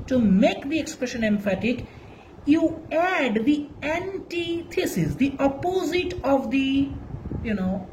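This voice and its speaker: A woman gives a literature lesson at a slow, careful pace, pausing and restarting as she explains. Her voice sits fairly high and moves a lot in pitch. A faint noise runs under the recording. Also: sing-song, a little mellow, rough recording. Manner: slow and deliberate, with restarts and emphasis. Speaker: teacher. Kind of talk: literature lecture.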